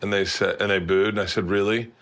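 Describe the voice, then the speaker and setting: A man hosting a casual chat, telling loose, rowdy stories with lots of laughter while high. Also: fairly even intonation, fast, fairly bright tone. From United States. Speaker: podcast host.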